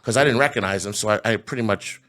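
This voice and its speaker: Low-voiced man telling stories. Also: fast, fairly bright tone. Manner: laughs through anecdotes. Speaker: home builder guest. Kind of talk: casual storytelling.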